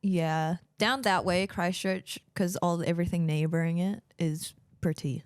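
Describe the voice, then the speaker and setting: A young woman, speaking a little low for a woman. She jokes and trades sarcastic remarks with her co-host. The sound is dry and close. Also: steady tone, a little slow, clear, resonant tone, no echo. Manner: sarcastic, jokey, laughs often. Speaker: podcast co-host. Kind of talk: casual chat.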